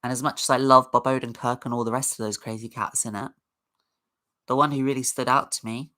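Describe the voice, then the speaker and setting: A woman's voice: rumbling low, fairly even intonation, a little fast, fairly bright tone. A woman hosting a casual livestream, chatting in a rambling way and greeting viewers in the chat. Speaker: livestream host.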